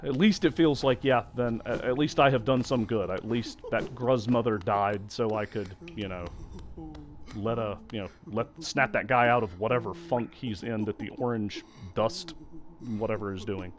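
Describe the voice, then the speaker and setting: A man's voice: lowish voice, moderate pace, slight background noise. A man giving casual, self-deprecating commentary while playing a video game. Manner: musing, self-deprecating, apologetic. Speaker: let's play host.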